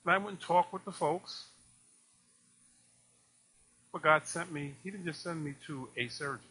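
This pastor's voice is a little high and husky, and he preaches at a moderate pace. His sermon is animated: he poses questions to the congregation and plays out conversations, laughing as he goes.

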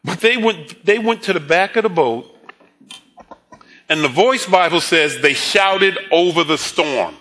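Bright, unhurried preacher with laughs. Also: male voice, a little high. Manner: animated, laughing storyteller, acts out quotes. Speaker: pastor. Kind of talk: sermon.

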